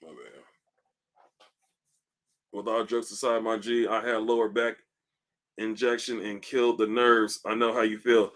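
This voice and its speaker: Man, livestream host, bright tense voice, profane, animated, in pain. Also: fairly low pitch, a little slow, long pauses. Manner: loose and profane, animated, many restarts. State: in back pain. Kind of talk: casual livestream chat, reading comments. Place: indoors at home, seated.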